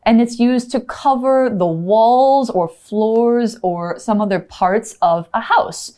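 A woman's voice: a little high, takes it slowly, mellow. A woman co-hosting an English lesson, explaining words with casual everyday examples. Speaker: English teacher co-host.

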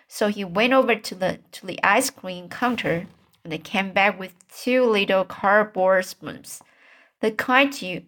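Slow, halting woman reading a story. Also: mid-range voice, a bit bright. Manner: halting, with frequent stumbles and restarts. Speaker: reader. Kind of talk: reading a children's book aloud.

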